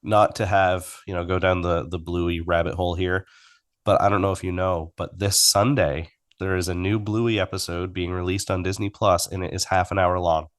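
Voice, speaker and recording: Co-hosting a faith podcast, this man chats casually and trades jokes with his partner in easygoing banter. His voice sits low, with a level tone and a moderate pace.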